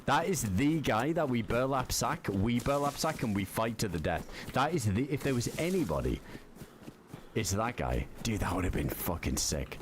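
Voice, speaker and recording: A man's voice: medium pitch, very animated, normal speed, background noise. A man streaming a game, talking to himself casually, laughing and swearing as he plays. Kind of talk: casual gameplay commentary.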